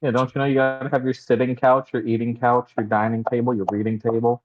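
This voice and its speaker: A man's voice: mid-range voice, flat delivery, fast, muffled recording. A man player in a tabletop game, making wry, teasing remarks. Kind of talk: casual tabletop banter.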